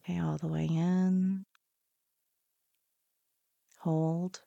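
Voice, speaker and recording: Woman, meditation guide, soothing repeated cues, very unhurried, dry close sound. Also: on the low side, little pitch movement, creaky, dark tone, no echo, highs cut off. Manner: slow, soothing, repetitive instructions. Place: podcast studio.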